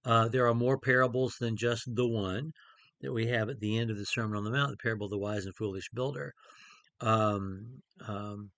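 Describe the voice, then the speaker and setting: A man's voice: lowish voice, fairly even intonation, moderate pace, a bit bright, no room sound. A middle-aged man preaching in a conversational way, with many fillers and restarts as he teaches a Bible passage. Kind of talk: informal Bible study talk.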